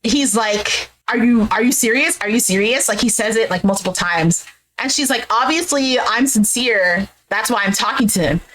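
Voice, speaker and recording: A woman recapping a dating show episode in a casual, animated way, quoting the cast as she retells each scene. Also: a little high, moderate pace, poor audio. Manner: retells scenes animatedly, acting out quotes with "he's like". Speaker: recap vlogger. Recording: faint background noise.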